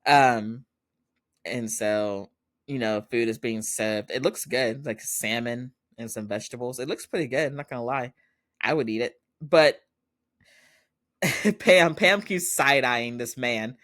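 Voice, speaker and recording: A man's voice: medium pitch, measured pace, a bit bright, no room sound. Chatty male podcast host, dry sound. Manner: chatty, laughs often, acts out quoted lines. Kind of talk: casual drama recap.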